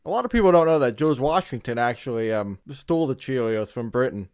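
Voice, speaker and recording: A man's voice: a little high, quick pace, few pauses, no echo, clean studio sound. A man hosting a comedic cereal ranking, rambling into absurd tangents with mock-dramatic delivery. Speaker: comedic video host.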